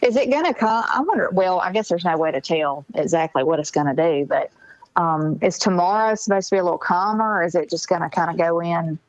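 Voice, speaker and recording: A Southern woman from Mississippi, somewhat low-pitched, chatting casually as a morning co-host. She rambles with many fillers. The sound is dry and a little muffled. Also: animated, brisk, no echo. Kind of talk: casual on-air chat.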